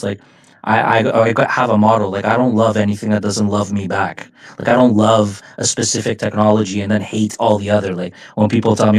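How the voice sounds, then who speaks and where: Chatty man telling casual stories. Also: mid-range voice. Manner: chatty storyteller, slangy. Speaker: podcast co-host. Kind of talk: casual conversation.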